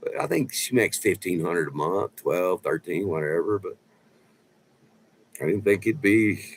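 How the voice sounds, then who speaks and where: A middle-aged man with a lowish voice talks off the cuff outdoors, rambling and swearing freely. A faint hum of ambient noise sits under his voice. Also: animated, poor audio. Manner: loose and profane, drawn-out storytelling with lots of "man". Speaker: vlogger. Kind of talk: casual rambling chat.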